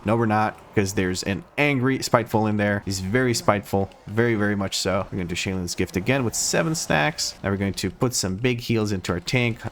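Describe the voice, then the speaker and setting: Young male gameplay host, lowish voice, rambling self-deprecating play-by-play, faint hiss behind. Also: fairly quick, few pauses, a bit bright. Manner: rambling, self-deprecating, talks through every move. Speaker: gaming video host. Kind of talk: live gameplay commentary.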